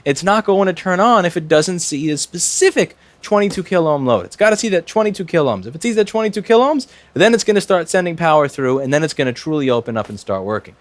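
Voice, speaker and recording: Brief: repair technician streaming at his bench, wry and profane, animated pitch. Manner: profane, wry, talks to himself and the board. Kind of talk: live repair stream, explaining as he works.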